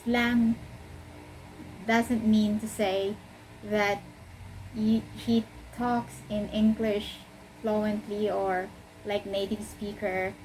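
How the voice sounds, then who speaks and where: A woman's voice: medium pitch, little pitch movement, very slow, long pauses, a little mellow, slight background noise, poor audio. A woman from the Philippines with a Filipino accent, explaining an English word in a casual, repetitive video lesson. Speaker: English teacher.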